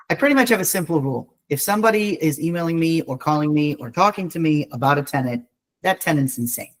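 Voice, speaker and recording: A man's voice: fairly high pitch, animated, brisk, poor audio. A man, an eviction attorney, speaking on a video call in a blunt, wry, conversational way during a training webinar.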